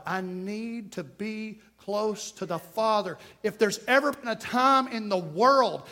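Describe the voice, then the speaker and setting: A man with a high-pitched voice delivers an animated sermon in a church sanctuary, speaking a little slowly. His delivery moves from loud, shouted urging to hushed, quiet asides.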